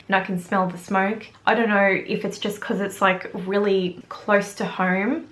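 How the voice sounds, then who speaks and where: This is a young Australian woman chatting straight into her vlog camera. She talks in an open, candid way and gets emotional, swearing casually as she goes. Her voice sits at an ordinary middle pitch for a woman. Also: little pitch movement, measured pace, few pauses, fairly bright tone. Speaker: beauty vlogger.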